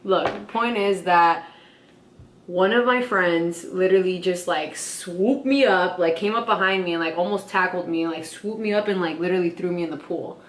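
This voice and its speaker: A woman's voice: lowish voice, normal speed. Sister co-host, young woman under the weather, rambling storyteller, roomy echo. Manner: chatty storyteller, lots of "like" and "okay?". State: sick. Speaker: vlog co-host. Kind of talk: casual chat.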